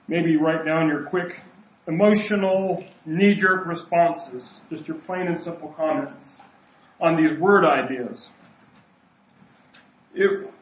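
Casual-sounding pastor in an echoey church. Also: male voice, a little high. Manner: conversational, joking with congregation. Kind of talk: sermon. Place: church sanctuary. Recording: echoey, dull church recording.

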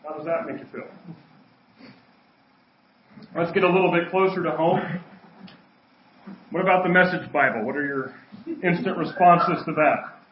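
A man's voice: a little high, normal speed, pauses often, slight background noise. A man preaching a sermon to his congregation as their pastor, in a conversational, joking way. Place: church sanctuary. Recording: echoey, dull church recording.

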